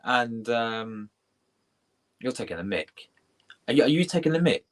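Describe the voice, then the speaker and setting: A young British man hosting a live football reaction stream, chatty and excitable, swearing and shouting out viewers in his chat. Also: medium pitch, unhurried. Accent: British English. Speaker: football livestream host.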